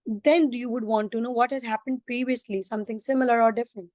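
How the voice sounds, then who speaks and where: A woman teacher lectures her class, her voice pitched a little high. She keeps asking her students questions and mixes in Hindi-Urdu words. The sound is dry, with no room echo. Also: fast talker, darkish tone.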